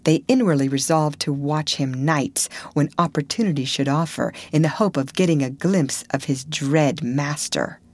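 A woman reading a classic novel aloud in measured, expressive audiobook narration. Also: low voice, no echo. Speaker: audiobook reader.

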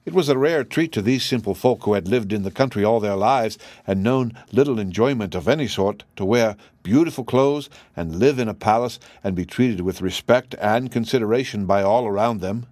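A man narrating a children's storybook chapter in a steady, even reading voice. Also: lowish voice, normal speed, few pauses, no room sound. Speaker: audiobook narrator.

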